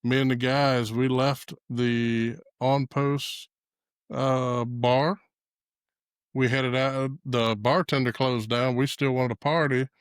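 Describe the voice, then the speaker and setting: A man hosting a podcast, telling a story in a relaxed way and laughing often. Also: medium pitch, slow, clear, resonant tone, no room sound, clean studio sound. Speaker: podcast host. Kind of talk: casual storytelling chat. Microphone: podcast microphone.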